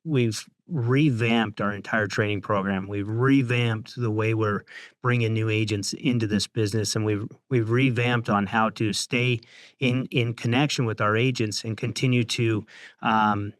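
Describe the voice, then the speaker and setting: A man leading a real estate brokerage's training program, talking reflectively and halting often with fillers. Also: fairly low pitch, steady tone, no room sound. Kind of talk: casual business discussion.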